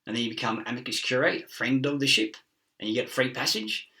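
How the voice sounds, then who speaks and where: A man's voice: mid-range voice, a little fast, sharp tone, far from the mic. A middle-aged man, rambling through a profane monologue, laughing and chasing wordplay and word origins.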